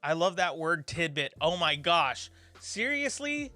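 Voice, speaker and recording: A man's voice: fairly high pitch, fairly even intonation, measured pace, bright, forceful tone, dry recording, faint music behind. A man hosting a study livestream, chatting casually with viewers, rambling and encouraging with plenty of fillers. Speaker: livestream host. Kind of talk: casual chat reading viewer comments.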